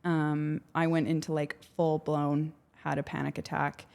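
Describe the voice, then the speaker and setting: A woman's voice: sits low, little pitch movement, unhurried, vocal fry, a little mellow, smooth. A young woman from Canada, a podcast guest, chattily telling a story with lots of fillers and acted-out voices. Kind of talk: casual storytelling.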